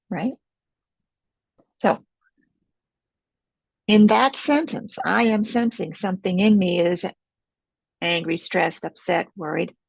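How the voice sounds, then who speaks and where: A woman, leading a self-help webinar in a slow, gentle, reflective way over a video call. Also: mid-range voice, creaky, breathy edge, dry recording, poor audio. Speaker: webinar teacher.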